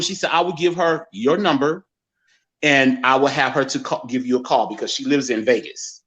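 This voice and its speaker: A man in his forties from the American Midwest, telling a personal story as a guest and acting out other people's words in lively quotes. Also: mid-range voice, normal speed. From Gary, Indiana, USA. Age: 40s. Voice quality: animated storyteller who acts out others' words.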